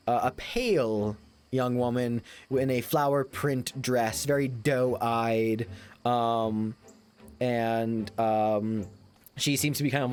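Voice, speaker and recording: A man's voice: medium pitch, a little mellow. A man narrating a tabletop role-playing game as game master, in a loose, rambling way with many fillers.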